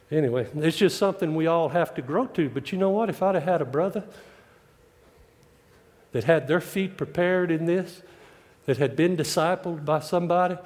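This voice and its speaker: Folksy preacher, high voice. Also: male voice, a little mellow. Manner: folksy, joking, plain-spoken with drawn-out emphatic lines. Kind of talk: sermon. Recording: long hall reverb.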